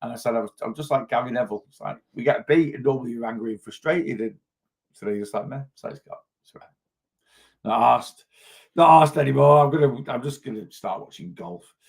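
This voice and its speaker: A man's voice: medium pitch, brisk, vocal fry. A middle-aged man with a Lancashire accent, hosting a casual weight loss live stream, chatty and rambling with restarts and asides, greeting viewers by name. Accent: Lancashire English. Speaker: weight loss livestream host. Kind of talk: casual livestream chat.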